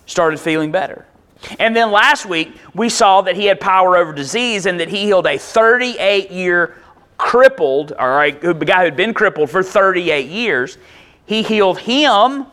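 A man's voice: high voice, a bit bright. A man preaching a sermon in a conversational style, speaking straight to his congregation. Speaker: pastor.

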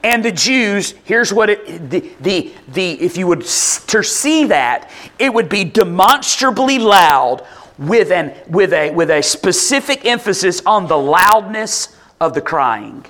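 Male pastor, high and animated, conversational sermon delivery. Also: unhurried. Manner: animated, conversational preaching with rhetorical questions. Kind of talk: expository sermon.

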